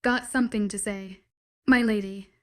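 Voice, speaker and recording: A woman voicing a hulking male werewolf general who is gruff, scornful and curt, with clipped commands. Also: mid-range voice, steady tone, normal speed, a bit bright, close to an everyday voice. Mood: taunting.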